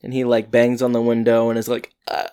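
A man in relaxed, rambling podcast chat, retelling an episode scene by scene. He slips into quick character voices as he goes, with a mid-range pitch. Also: clear, resonant tone. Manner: rambling, acts out characters' lines. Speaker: podcast co-host. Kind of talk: casual recap chat.

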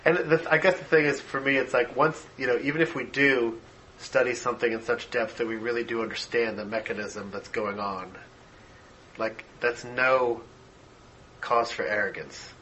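A man's voice: mid-range voice, steady tone, normal speed, pushed and bright, a little hiss or hum, rough recording. A man leading a casual discussion, talking with enthusiasm and lots of fillers, while losing his voice. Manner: enthusiastic, many fillers and laughs.

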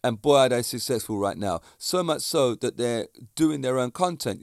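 A man's voice: medium pitch, animated, normal speed, no echo, clean studio sound. Chatty man vlogging. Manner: chatty and digressive, addressing viewers directly. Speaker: fitness instructor and vlogger. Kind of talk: casual monologue to camera.

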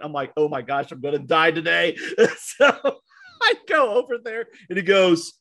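A man's voice: on the high side, expressive, normal speed, pushed and bright. A man, co-hosting a casual podcast and telling a long story with acted-out quotes and frequent restarts. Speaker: podcast co-host, minister.

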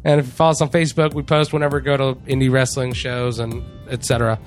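A man's voice: mid-range voice, flat delivery, quick pace, soft background music. A man co-hosting a casual wrestling podcast, laid-back and joking, swearing freely. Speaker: podcast co-host.

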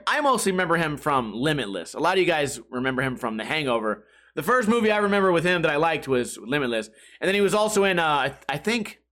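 Guy rambling on his podcast, kinda high and bright, joking around and swearing. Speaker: podcast host. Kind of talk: casual chat.

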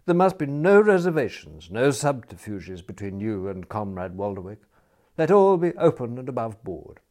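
Genial, grandiloquent gentleman, mock-solemn, with a lively rise and fall, as a male narrator plays him in a storybook reading. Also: mid-range voice, moderate pace, pitched above the performer's own voice, lightly acted. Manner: cordial, ornate, mock-solemn.

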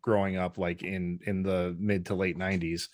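Low-voiced man telling animated stories. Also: normal speed, dry recording, studio quality. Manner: animated storyteller, slips into character voices. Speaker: podcast guest. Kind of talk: casual chat.

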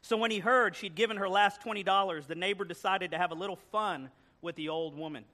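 High bright-voiced male preacher. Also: brisk. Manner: animated storytelling with joking asides. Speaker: guest preacher. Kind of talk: sermon. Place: church sanctuary.

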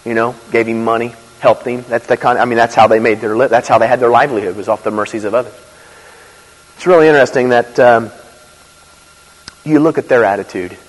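Man, preacher, animated conversational sermon, church hall with long echo. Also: mid-range voice, a little fast. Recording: reverberant hall.

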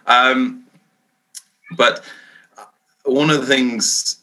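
A man's voice: medium pitch, fairly even intonation, drawn-out words, pushed and bright, rough recording. A man raised in England, a Presbyterian minister, answering interview questions in an earnest, reflective and self-deprecating way. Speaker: Free Church minister.

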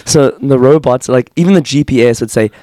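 A man's voice: medium pitch, brisk, dark tone, dry recording, clean studio sound. A South African man chatting casually on a podcast, laughing often and restarting his sentences. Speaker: teaching fellow, podcast guest. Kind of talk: casual chat.

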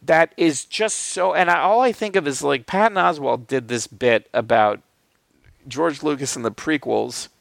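A man's voice: fairly high pitch, moderate pace, creaky, a bit bright, no echo. A man in casual talk about films, rambling with many fillers and restarts, swearing now and then. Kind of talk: casual film discussion.

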